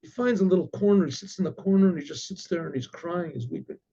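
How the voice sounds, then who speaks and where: A man, a rabbi, telling a story in an animated, halting way. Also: high voice, slightly rough. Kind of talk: oral storytelling. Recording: dull lo-fi recording.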